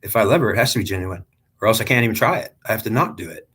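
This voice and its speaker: A man speaking as a proud, anguished ancient male high priest in an earnest, self-justifying first-person monologue. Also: lively intonation, rapid-fire, fairly bright tone, breathy edge. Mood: insistent.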